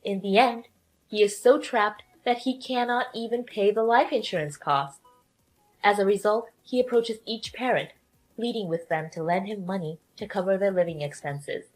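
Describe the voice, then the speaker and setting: A woman's voice: mid-range voice, moderate pace, faint music behind, low-quality recording. A woman narrating a scripted drama story in the first person, blunt and sarcastic.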